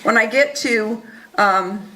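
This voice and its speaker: A woman telling an audience a first-person story in an earnest, animated way, acting out the dialogue. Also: on the high side, takes it slowly, a little hiss or hum, rough recording. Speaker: speaker recounting events to an audience.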